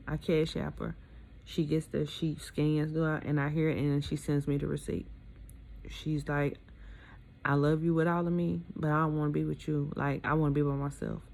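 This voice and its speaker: A woman's voice: low voice, creaky, a little mellow. A woman candidly telling her own divorce story in casual, aggrieved storytelling. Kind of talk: emotional personal storytelling.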